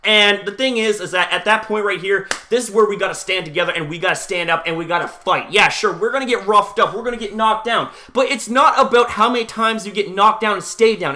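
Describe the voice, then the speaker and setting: Young guy venting on camera, high tense voice, cussing, saying like a lot. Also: sharp tone. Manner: heated, profane, repeats himself, lots of "like". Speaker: YouTuber. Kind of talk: angry vlog rant.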